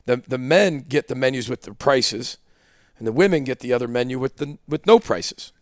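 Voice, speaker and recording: A man's voice: mid-range voice, normal speed, no echo, clean studio sound. A man, a football coach, telling a story in a casual podcast interview and acting out dialogue. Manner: animated storyteller, acts out dialogue. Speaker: head football coach, guest. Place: podcast studio.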